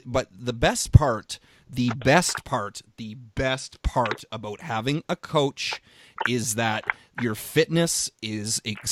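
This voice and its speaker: A man and fitness coach co-hosting a podcast, talking in an emphatic, energetic way with frequent restarts and repeated words. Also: medium pitch, no room sound, clean studio sound. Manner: casual swearing. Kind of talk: casual podcast chat.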